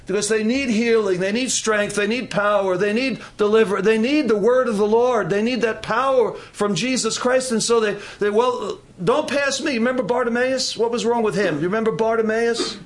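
High-voiced man preaching a sermon. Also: moderate pace, few pauses. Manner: repetitive, call-and-response preaching with audience questions. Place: church service.

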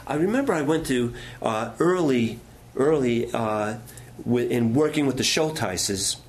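A man's voice: mid-range voice, lively intonation, a little slow. A middle-aged male pastor preaching a sermon, telling stories in a folksy way and asking the congregation questions.

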